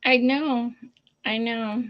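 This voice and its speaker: A woman's voice: fairly high pitch, steady tone, slow pace, lo-fi sound. A young adult woman co-hosting a political live stream, talking bluntly and profanely, laughing often. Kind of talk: casual livestream talk.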